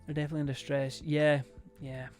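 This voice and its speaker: A man's voice: on the high side, flat delivery, fast, faint music behind. Young man, rambling stream chat. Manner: rambling and hesitant, full of fillers and swearing.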